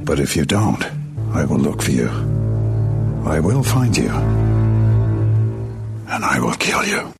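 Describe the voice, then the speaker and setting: An actor playing a middle-aged father who calmly threatens his daughter's kidnappers in a film clip. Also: creaky, heavily acted. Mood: cold menace. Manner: slow, low, menacing calm. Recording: film clip with loud music underneath.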